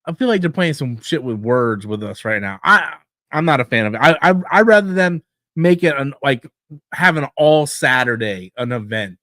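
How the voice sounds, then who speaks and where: A man co-hosting a casual wrestling podcast, blunt and profane, who mocks promoters in quick put-on voices. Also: medium pitch, expressive, a bit bright, dry recording. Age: older than co-host, calls himself old school. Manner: blunt, swears freely, mocks in put-on quotes. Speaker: podcast co-host.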